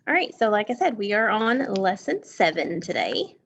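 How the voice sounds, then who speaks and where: A woman's voice: mid-range voice, big pitch swings, normal speed, vocal fry, highs cut off. A woman teacher giving an online phonics lesson from a school music room, patiently repeating words and asking questions.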